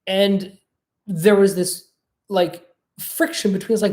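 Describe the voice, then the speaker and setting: A podcast host speaking in a relaxed, conversational way, sprinkling in fillers and asking "right?" now and then. The host tells personal stories with animation and acts out both sides of remembered conversations. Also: mid-range voice, slow, long pauses. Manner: animated storytelling, acting out quoted exchanges. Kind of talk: casual monologue.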